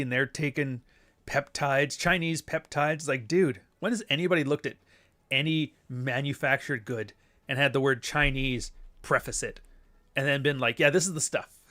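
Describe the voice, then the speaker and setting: A middle-aged man with a Canadian accent and a nasal voice, talking bluntly and crudely in a casual podcast monologue. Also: pushed and bright. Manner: blunt, crude and sardonic, with sudden high-pitched outbursts. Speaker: podcast host.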